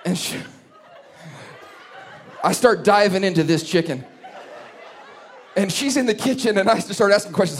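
A pastor preaching a sermon, telling a funny story in an animated way. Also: male voice, high voice, moderate pace, pauses often, some chatter behind, a little hiss or hum.

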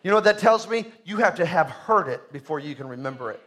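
A man's voice: a little high, expressive, fast talker, a bit bright. A man preaching a sermon as pastor, emphatic, repeating key phrases and calling on the congregation to respond.

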